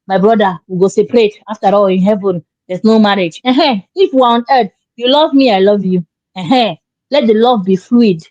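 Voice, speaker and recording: Lady preaching marriage advice, storytelling, kinda high voice, muffled dry recording. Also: a little mellow, dry recording. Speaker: relationship show co-host. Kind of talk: opinionated advice talk. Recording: dull lo-fi sound.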